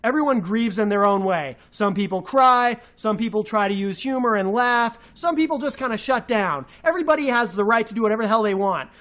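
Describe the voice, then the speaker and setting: A man's voice: high-pitched, animated, a little fast, few pauses, a bit bright. Man, radio co-host, angry rant, sarcastic, insulting, heated.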